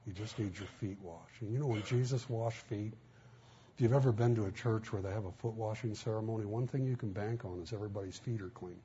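Low, mellow-voiced man preaching. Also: brisk, slightly rough. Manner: folksy storytelling, acts out quotes. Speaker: pastor. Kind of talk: sermon. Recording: muffled, faint background hiss.

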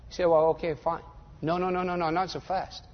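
An older man preaching a sermon, animated and sarcastic, mimicking voices to make his points. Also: high voice, a little fast. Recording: dull lo-fi audio in a reverberant hall.

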